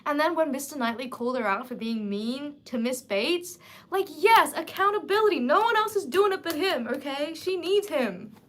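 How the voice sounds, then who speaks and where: A woman in her twenties hosting a casual livestream book chat, animated and emphatic. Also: high-pitched, moderate pace. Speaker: livestream host.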